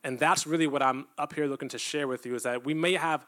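A man's voice: on the high side, fairly even intonation, fast, sharp tone. A man giving a testimony-style sermon to a church, talking earnestly and conversationally and at times building up to emphatic preaching. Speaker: church speaker.

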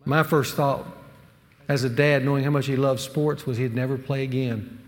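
A man preaching a sermon to men, earnest and emphatic, with dramatic pauses. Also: medium pitch, fairly even intonation. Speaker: pastor teaching a men's series. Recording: long hall reverb.

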